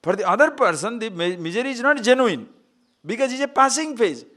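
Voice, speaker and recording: A man's voice: very high-pitched, sing-song, brisk, bright, forceful tone. A man giving a spiritual talk, playful and laughing often, asking rhetorical questions. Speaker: spiritual teacher.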